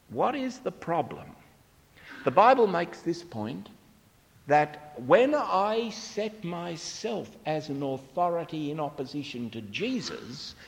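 A man's voice: on the high side, vocal fry, big-room sound. A man preaching a sermon, asking the congregation rhetorical questions.

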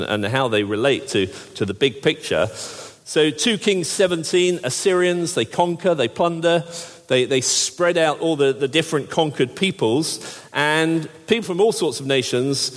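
Wry preacher in echoing hall. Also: male voice, mid-range voice. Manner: wry, jokey asides with frequent restarts. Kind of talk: sermon. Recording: long hall reverb.

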